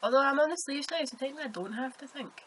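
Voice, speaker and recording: A woman's voice: sits high, very fast, a bit bright, slight background noise, low-quality recording. A woman with a Scottish accent hosting a podcast, chatting casually and telling rambling stories. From Scotland. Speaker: podcast host. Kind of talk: casual chat.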